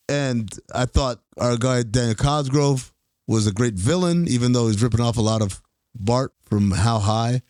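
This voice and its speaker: A man's voice: mid-range voice, measured pace, no room sound, clean studio sound. A man co-hosting a film podcast, joking and arguing his picks in casual chat. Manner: joking, animated, argumentative. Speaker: podcast co-host.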